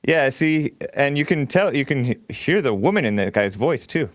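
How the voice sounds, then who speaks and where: Man hosting a call-in radio show, blunt and pushy with callers, mid pitch, dry close mic. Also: animated, normal speed, no room sound. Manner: blunt, provocative, laughs often. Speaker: radio talk show host.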